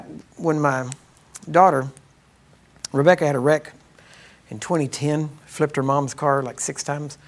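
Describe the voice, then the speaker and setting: Conversational middle-aged male Bible teacher. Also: a little high. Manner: conversational, checks in with the audience with "right?" and "Amen?"; emphatic, slows down to stress scripture words. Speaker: minister teaching a healing course. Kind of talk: sermon-style Bible teaching.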